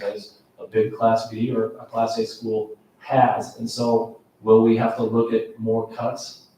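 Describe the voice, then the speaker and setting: A man's voice: mid-range voice, distant mic, a little hiss or hum. Man presenting in an echoey meeting room. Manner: measured, steady, with frequent ums and restarts. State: has a cough. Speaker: school administrator presenting to a board. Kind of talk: slide presentation at a workshop.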